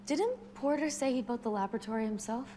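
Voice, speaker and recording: A brisk young female hunter, played by an actress in a TV drama, asking pointed questions at a fast clip. Background ambience hisses under the clip audio. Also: on the high side, lively intonation, mellow, close to an everyday voice. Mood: questioning. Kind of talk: TV drama acting.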